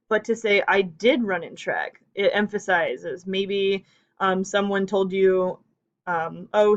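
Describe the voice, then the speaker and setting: A woman's voice: mid-range voice, lo-fi sound. A woman teacher talking through her grammar lesson plan in a casual, explanatory way, with frequent "um"s and "kinda"s. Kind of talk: informal explanatory walkthrough.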